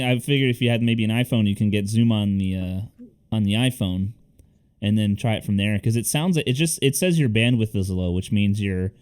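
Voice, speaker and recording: A man's voice: fairly low pitch, a little mellow, clear, resonant tone. A man co-hosting a video-call chat, helpfully talking a guest through connection problems. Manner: helpful, explaining tech troubles. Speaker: co-host.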